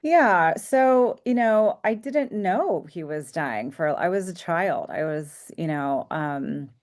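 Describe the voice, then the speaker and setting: A woman psychotherapist talking reflectively in a podcast interview, sometimes dropping to a hushed voice. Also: lowish voice, lively intonation, slow. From United States. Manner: reflective, soft-spoken, drifts into hushed tones. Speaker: psychotherapist guest.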